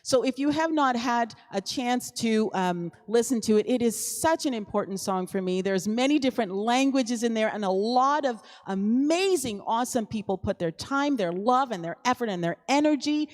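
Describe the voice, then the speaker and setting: A woman's voice: on the high side, lively intonation, normal speed, hardly any pauses, in a large hall. Chatty woman hosting a live stream. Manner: chatty and upbeat, with many fillers and laughs. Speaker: singer-songwriter and live show host. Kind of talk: casual live-stream chat.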